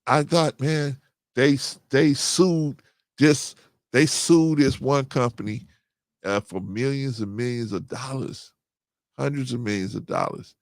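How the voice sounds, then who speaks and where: A middle-aged man, hosting a casual livestream, reading chat and getting animated as he agrees. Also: measured pace, no room sound, studio quality. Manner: animated, rising to excited high pitch when agreeing. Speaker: host.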